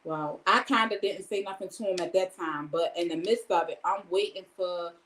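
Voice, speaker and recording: A woman's voice: on the low side, reverberant, poor audio. A woman giving a candid personal testimony in a casual way. She retells each exchange by quoting it and often speaks of God. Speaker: storyteller sharing a personal testimony.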